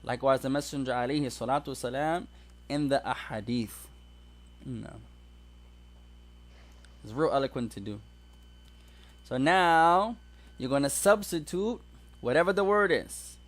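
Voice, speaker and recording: A man's voice: mid-range voice, expressive, measured pace, pauses often, a bit bright. A man teaching an Arabic grammar class, explaining step by step and mixing English with Arabic examples.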